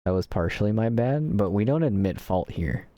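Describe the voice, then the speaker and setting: A slightly hoarse man streaming a game, chatting casually and joking at his own expense to viewers. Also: on the low side, animated, moderate pace, mellow, no room sound, dull audio. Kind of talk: casual gameplay commentary.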